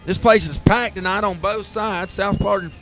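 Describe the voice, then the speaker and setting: A man with a Southern accent calling high school football play by play, rising to excited near-shouts on big runs. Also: normal speed, faint music behind. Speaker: play-by-play announcer.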